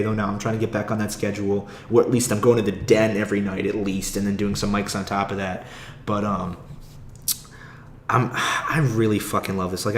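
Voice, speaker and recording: A man's voice: fairly low pitch, echoey room, a little hiss or hum. A young man, an aspiring comic, rambling casually and with a lot of swearing in a solo podcast monologue, with frequent laughs. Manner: rambling, profane, laughs often.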